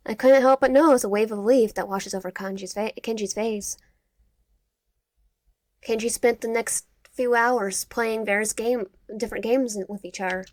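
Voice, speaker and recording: A woman's voice: on the high side, dry recording, clean studio sound. A young woman playing a visual novel, reading its lines aloud, stumbling over words and adding quips. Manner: reads game text aloud, often stumbling and restarting words; quips between lines of the game. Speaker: gaming YouTuber. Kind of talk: let's play of a visual novel, reading dialogue aloud with asides.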